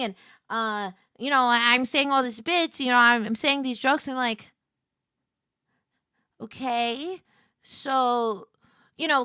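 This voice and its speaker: A woman in her thirties chats to her stream in a high, bright voice, rambling through a story with lots of fillers and laughter. She jumps into excited voices when she quotes herself. The sound is close and dry. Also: clean tone, dry recording. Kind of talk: casual storytelling chat.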